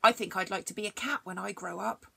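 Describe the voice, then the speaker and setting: A woman voicing a curious, energetic young female dog in a storybook reading. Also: medium pitch, quick pace, gravelly, breathy edge, heavily acted. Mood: eager. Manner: inquisitive, bouncy.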